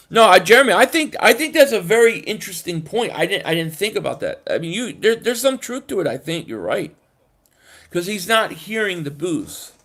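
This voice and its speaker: Reading viewer comments aloud on a casual live stream, a man speaks in a high, animated, emphatic way. He stumbles a lot and keeps restarting his sentences.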